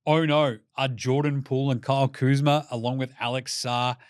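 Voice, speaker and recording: A man's voice: mid-range voice, normal speed, smooth, no room sound, clean studio sound. Profane, joking Australian man. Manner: profane, jokey, animated, mocks teams in put-on voices. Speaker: basketball podcast host. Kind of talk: casual solo commentary.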